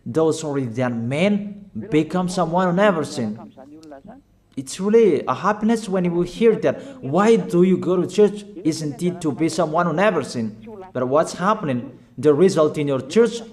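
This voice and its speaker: A man preaching a sermon in halting non-native English, urging his listeners with short, repeated commands and pausing on fillers. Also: on the high side, lively intonation, darkish tone. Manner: emphatic, repetitive exhortation with short commanding phrases.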